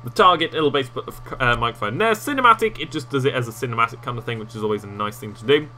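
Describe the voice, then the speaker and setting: A man walking viewers through video editing software in a casual, rambling tutorial with self-mocking asides, recorded on a desktop microphone. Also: mid-range voice, lively intonation, very fast. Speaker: game tutorial host.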